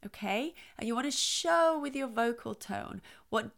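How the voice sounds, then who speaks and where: A woman's voice: fairly high pitch, expressive, unhurried, gravelly, fairly bright tone. A middle-aged woman who is a child psychologist, giving playful parenting advice and exaggerating her voice to show how it should sound.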